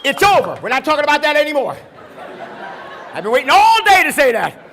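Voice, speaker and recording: Brash high-voiced man on a comedy stage. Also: huge pitch swings, a little fast. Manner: brash, loud, punchy, chatting with the audience. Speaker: stand-up comedian. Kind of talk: stand-up comedy set with crowd work. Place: comedy club stage with a live audience. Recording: live club recording with crowd laughter and noise. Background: audience laughter and room noise.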